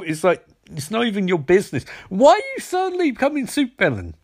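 Sarcastic, animated man recapping an episode. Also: sits high, fast talker. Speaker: TV episode reviewer.

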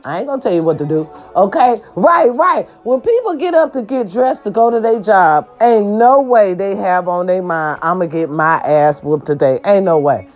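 A woman hosts a brash, profane monologue straight to her viewers. She scolds and preaches, and her voice leaps high whenever she hits a point hard. The recording sounds a little dull and lo-fi. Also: sing-song, moderate pace, few pauses, darkish tone, faint music behind. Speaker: host of a talk segment. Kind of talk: loud casual monologue to viewers.

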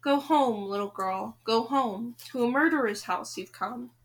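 A woman reading a storybook aloud, voicing a chorus of filthy doves whose raspy voices warn a visitor away. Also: on the high side, a little slow, natural voice, rough recording. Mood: ominous warning.

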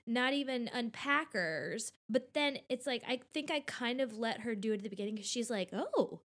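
A woman's voice: fairly high pitch, normal speed. A woman in her thirties, a mother chatting casually and acting out her child's lines as she tells stories. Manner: animated storyteller, acts out her child's voice. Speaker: parent on a podcast. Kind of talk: casual chat.

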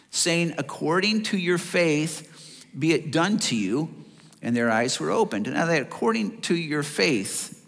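Male pastor, high and bright, animated sermon delivery in a reverberant hall. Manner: animated preaching, acts out voices of listeners and Jesus. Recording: long reverb of a church hall.

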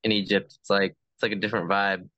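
A man's voice: lowish voice, level tone, fast, bright, forceful tone, no echo, dull audio. A man chatting on a podcast video call in a laid-back, hesitant way, with many "like"s. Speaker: podcast co-host. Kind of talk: casual podcast chat.

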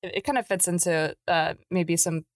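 A woman's voice: lowish voice, moderate pace, no echo, studio quality. A woman co-hosting a podcast who speaks in a thoughtful, reflective way and hedges with likes. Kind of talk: casual podcast interview.

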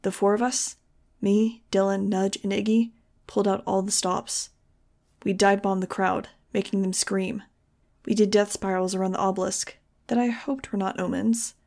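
A woman reading a novel aloud in the first person, with steady, expressive storytelling. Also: mid-range voice, normal speed. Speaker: audiobook reader.

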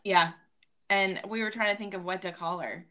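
A woman's voice: mid-range voice, steady tone, normal speed, pushed and bright, a little hiss or hum. A woman, chatting casually as a podcast co-host. She talks freely and laughs often, in an everyday mid-range voice. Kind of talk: casual chat.

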